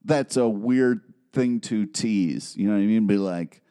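A man's voice: fairly low pitch, measured pace, warm tone, clear, resonant tone. A man co-hosting a casual podcast chat in a laid-back, wry way, often with short agreeing replies. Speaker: podcast co-host.

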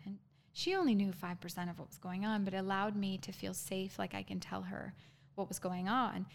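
A woman guest in an interview telling her own story candidly, halting, with frequent ums and restarts. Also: mid-range voice, vocal fry.

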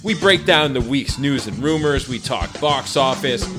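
A man reading a scripted podcast promo in an upbeat pitch to listeners. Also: animated, normal speed. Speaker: ad announcer. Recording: promo with music bed.

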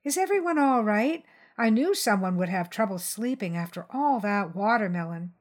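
A woman voicing a protective mother of young boys, gentle with her children and firm with a grown man. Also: mid-range voice, lively intonation, moderate pace, lightly acted. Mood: soothing. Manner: soothing, then cold and commanding.

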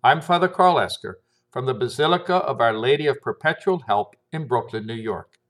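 A man's voice: mid-range voice, animated, brisk, a bit bright. A priest with an American accent reading a gospel passage and giving a short homily, lifting his voice for the quoted speech.

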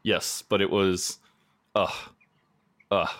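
A man's voice: deep voice, flat delivery, takes it slowly, a bit bright, no room sound. A man hosting a podcast, chatting casually and rambling with frequent laughs. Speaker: podcast host. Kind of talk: casual chat.

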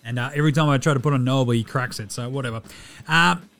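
A man's voice: mid-range voice, quick pace, a bit bright, faint music behind. An Australian man hosting a sports podcast in casual chat, profane and ranting, laughing often. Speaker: podcast host.

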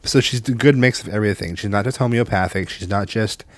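A man in his thirties telling a family story in casual chat, animated and swearing, acting out the voices of the people in it. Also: on the low side, fast, no room sound.

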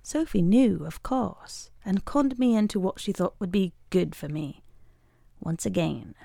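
A woman reading a short story aloud in a wry, measured way. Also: medium pitch, expressive, creaky, mellow, no room sound, clean studio sound. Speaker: reader.

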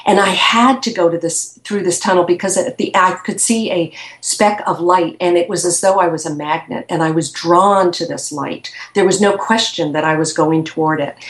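Brief: woman guest, low-ish voice, soft and reflective, echoey room. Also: normal speed, hardly any pauses. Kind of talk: recounting a personal experience.

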